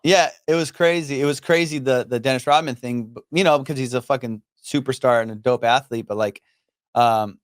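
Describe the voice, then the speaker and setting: A laid-back man from Iran chatting casually on a podcast, swearing often and tossing in "you know" constantly. His voice sits at an ordinary middle pitch, recorded close and dry. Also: fairly quick, no echo. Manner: loose and profane, many fillers like you know. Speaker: comedian guest.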